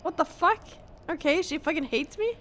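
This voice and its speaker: A woman's voice: extremely high pitch, animated, moderate pace, fairly bright tone, a little hiss or hum. A woman streamer chatting casually with her viewers about her cat, her voice nasal from a cold, swearing and laughing often. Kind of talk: casual live-stream chat.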